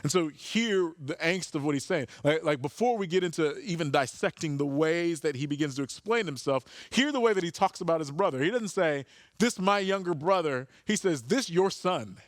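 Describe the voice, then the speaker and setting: A man's voice: fairly high pitch, expressive, fairly quick, hardly any pauses, no room sound, studio quality. A man preaching a sermon as pastor, earnest, often repeating words as he searches for a phrase.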